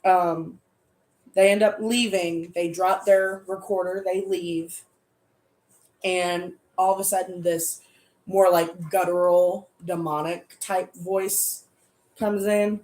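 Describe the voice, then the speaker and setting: A woman casually recapping a tabletop horror game, animated and swearing freely. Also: lowish voice, slow, reverberant.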